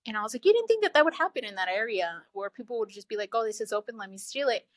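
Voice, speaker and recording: A woman, telling her own story in a casual, animated way and laughing often. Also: very fast, dry recording. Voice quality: low, flat-sounding voice she calls sad over the phone.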